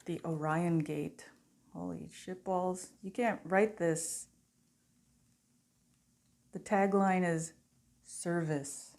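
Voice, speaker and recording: A woman giving a channeled oracle card reading straight to her viewers, in an earnest, softly conversational way. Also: on the low side, fairly even intonation, drawn-out words, vocal fry, long pauses. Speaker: spiritual card reader.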